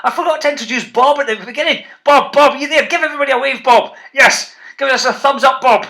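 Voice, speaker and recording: Brief: playful Scottish author hosting a kids' reading session, bright and punchy. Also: male voice, very high-pitched, fast, creaky. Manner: bouncy, playful, calls out to the kids. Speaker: children's author presenting a reading show. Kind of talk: lively talk to school classes.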